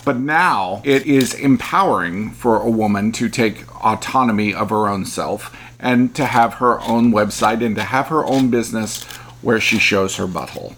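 A man's voice: mid-range voice, normal speed, slight background noise. A man co-hosting a podcast in casual, joking chat with his wife. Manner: joking, animated, lively intonation. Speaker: podcast co-host.

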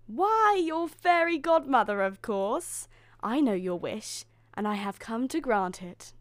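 Woman playing fussy, huffy old fairy godmother, storybook, high voice, dry close sound. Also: sing-song, no room sound. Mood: kindly. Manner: brisk, huffy, affectionate.

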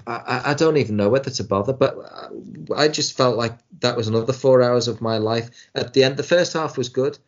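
A man chatting about television, tumbling over his words with lots of restarts and an exasperated edge. His voice sits at an ordinary middle pitch. The recording sounds dull and lo-fi. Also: fairly quick, hardly any pauses. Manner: rambling, frequent restarts, exasperated. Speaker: podcast co-host. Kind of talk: casual chat reviewing TV shows.

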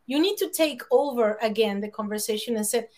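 Animated woman. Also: a little high, brisk, noisy background. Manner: emphatic, animated, laughs often, acts out quoted lines. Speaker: guest speaker on public speaking. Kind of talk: lively conversational advice.

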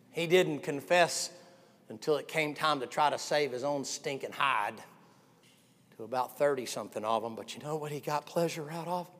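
An older man preaching a sermon, dropping to hushed asides and then rising to fervent shouts. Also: medium pitch, normal speed, long pauses. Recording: long reverb of a large hall.

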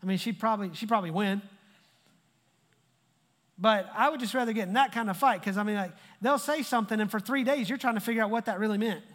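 A male pastor with a high, light voice preaches conversationally and hammers points home by repeating phrases. His words ring out with a long, hanging reverb, as in a large hall. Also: quick pace, fairly bright tone. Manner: conversational preaching with emphatic repetition. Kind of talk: sermon.

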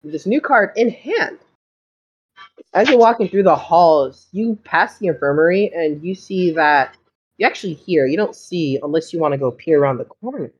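A woman's voice: on the low side, expressive, moderate pace, slightly rough, muffled recording. A woman narrating as game master in a casual, rambling way. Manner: casual, rambling, restarts often.

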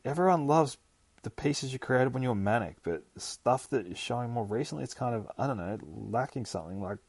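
A man's voice: mid-range voice, animated, fairly quick, a little mellow, slightly rough, no room sound, voice pushed up. A man voicing a young woman who bluntly and hesitantly criticizes her boyfriend.

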